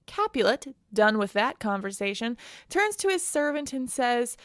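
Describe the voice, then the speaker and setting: Woman podcast host, chatty, wry, slangy, higher voice, dry close sound. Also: big pitch swings, moderate pace, dry recording. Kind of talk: casual book recap.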